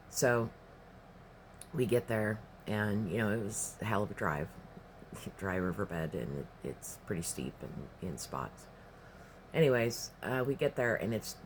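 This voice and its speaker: Lowish-voiced man telling a profane story. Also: a little hiss or hum. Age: adult, past his teens. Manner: rambling, profane, emphatic. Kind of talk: casual spoken storytelling.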